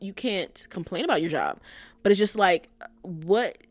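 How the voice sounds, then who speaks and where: A woman's voice: mid-range voice, expressive, normal speed, no echo. Young woman podcast host, casual and blunt, swears a bit, dry close sound. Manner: chatty, blunt, sprinkles in curses and "like, you know". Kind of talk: casual chat recapping a story.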